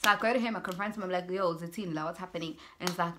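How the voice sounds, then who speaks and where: A young South African woman telling a personal story on her vlog, animated, acting out both sides of conversations and mixing in Zulu words. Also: fairly low pitch, rapid-fire, a little hiss or hum. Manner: mixes in Zulu words and phrases. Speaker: YouTuber.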